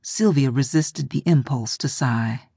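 A woman narrating an audiobook in a measured, reflective way. Her voice is low and gravelly, with a husky grain. The sound is dry and close, as from a studio booth. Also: mellow, no room sound.

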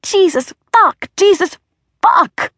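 A woman's voice: very high-pitched, lively intonation, slow pace, bright, forceful tone, no echo, clean studio sound, voice pushed up, full character voice. A woman narrator voicing a wounded male henchman cursing in pain and anger. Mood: agonized. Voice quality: screaming in agony, strained.

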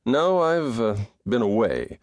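A man's voice: medium pitch, very animated, slow, dry recording. A man playing a grave, guarded cowboy in an audiobook, dry and understated. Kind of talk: audiobook character voice.

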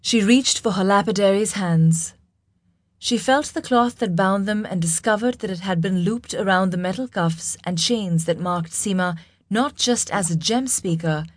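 A woman narrating a fantasy audiobook in a measured, dramatic storytelling manner. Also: medium pitch, no echo.

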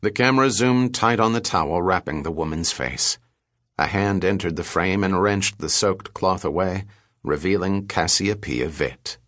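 A man narrating an audiobook thriller in a steady, measured storytelling manner. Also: sits low, dry recording, studio quality.

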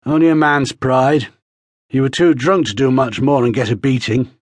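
A male narrator playing a grey-haired jail guard who talks gruffly and curtly. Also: mid-range voice, steady tone, moderate pace, no echo, lightly acted. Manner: gruff, dry and curt.

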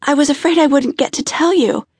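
A woman's voice: sits high, brisk, darkish tone, no room sound, studio quality, pitched above the performer's own voice, lightly acted. A woman narrator voicing Maggie, a young woman who is tearful and pleading with her lover. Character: grown woman Maggie, frantic then tender.

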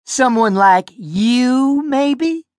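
A man's voice: extremely high pitch, expressive, very slow, no echo, clean studio sound, pitched above the performer's own voice, exaggerated voice. A man voicing a brash, foul-mouthed young schoolboy who taunts a bully. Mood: taunting. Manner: cocky, taunting.

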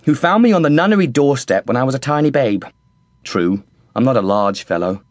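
A man's voice: medium pitch, dry recording. A man reading a comic first-person audiobook with cheeky, mocking wit. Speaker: audiobook narrator.

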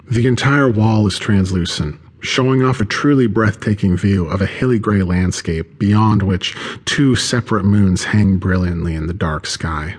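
A man narrates an audiobook in the first person with a steady, wry delivery. His voice is on the low side and noticeably husky.

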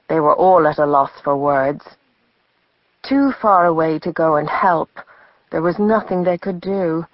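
A woman narrating a novel as an audiobook in a measured storytelling manner. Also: sits low, dry recording, muffled recording. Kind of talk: scripted narration.

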